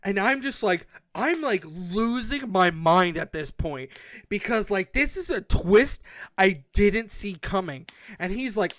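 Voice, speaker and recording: A man's voice: high voice, measured pace, no room sound, clean studio sound. A man co-hosting a podcast, casually recapping a book's plot with lots of swearing. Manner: animated, profane plot recap. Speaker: podcast co-host. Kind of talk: casual book review chat.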